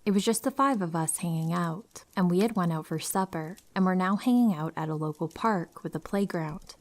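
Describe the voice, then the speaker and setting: A young woman calmly reading true horror stories aloud for sleep, slipping into hushed, whispery stretches. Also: lowish voice, moderate pace. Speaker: narrator reading listener stories. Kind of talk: soft scripted storytelling for sleep.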